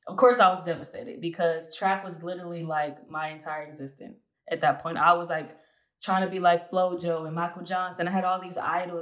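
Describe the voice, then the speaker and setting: A young adult woman telling her life story as an interview guest, chatty and quick to laugh, with lots of filler words. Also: lowish voice, fairly even intonation, a bit bright. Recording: roomy echo.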